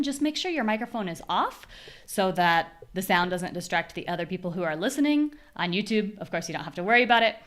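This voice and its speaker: An American woman teaching a live online pronunciation class, modeling words with clear, exaggerated stress. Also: mid-range voice.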